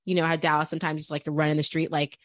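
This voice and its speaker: A young adult woman, a mother co-hosting a parenting podcast, talking in an animated storytelling way with many quick asides. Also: deep voice, no echo, clean studio sound. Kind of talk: casual chat.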